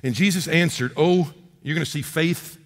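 A man preaching a sermon as a pastor from the United States, emphatic, repeating key phrases and swinging between loud and quiet. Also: a little high, moderate pace. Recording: long hall reverb.

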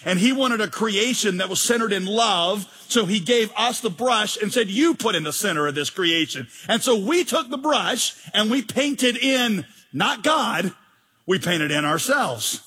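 A man's voice: high voice, expressive, a little slow, pushed and bright, breathy edge. A male pastor preaching a sermon with emphatic delivery, rhetorical questions and jokes.

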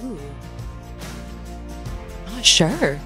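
Excitable woman guest from Boston. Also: mid-range voice, drawn-out words, soft background music. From Boston area. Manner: excitable, exclaiming, laughing. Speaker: guest, touring performer. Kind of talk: casual radio interview.

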